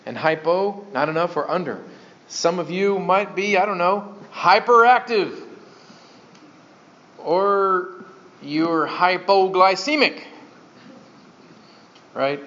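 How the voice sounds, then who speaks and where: A man teaching a sermon to a congregation, folksy and animated, with joking asides. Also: high voice. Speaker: pastor. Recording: dull lo-fi sound.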